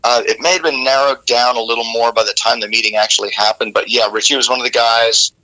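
A rock singer in an interview, telling rambling, animated stories with many restarts. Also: male voice, medium pitch, fast talker, rough recording. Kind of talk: casual interview storytelling.

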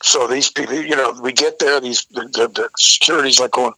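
A man's voice: medium pitch, fairly even intonation, brisk, few pauses, sharp tone, dry recording, rough recording. An older man, a guest vocalist, telling profane, vivid stories in a casual interview. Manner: profane, vivid storyteller who acts out the people in his story.

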